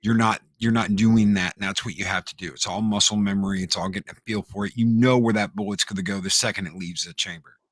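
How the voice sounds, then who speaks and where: A man co-hosting a casual podcast chat, an animated storyteller who repeats words and acts out quotes. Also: fairly low pitch, fast talker, no echo, studio quality. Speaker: podcast co-host.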